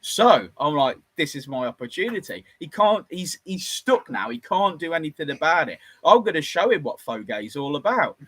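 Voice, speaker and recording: Bloke, thirties, garage owner spinning a yarn, very lively pitch, slightly raised voice, dry sound. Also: male voice, moderate pace, few pauses, no echo, poor audio. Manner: lively, animated, acts out the other voices. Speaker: garage workshop owner telling a story. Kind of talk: casual storytelling.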